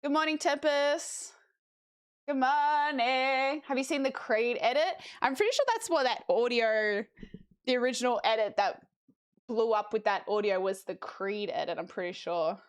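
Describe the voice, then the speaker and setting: A woman's voice: a little high, moderate pace. A young adult woman streaming, chatting casually in a slangy way and laughing easily. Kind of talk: casual chat.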